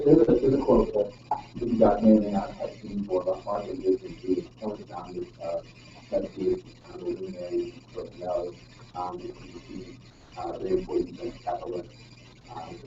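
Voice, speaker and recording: A man's voice: deep voice, dark tone. A man giving a technical presentation to a live audience, talking casually with many ums and frequent tag questions. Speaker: presenter at a user group meeting. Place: meeting room. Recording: roomy, distant, dull sound with faint noise.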